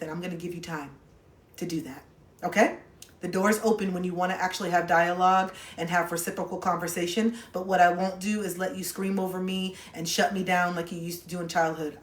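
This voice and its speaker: Woman, young adult, blunt and sarcastic, casual livestream advice, phone mic, echoey room. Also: on the low side. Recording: roomy echo.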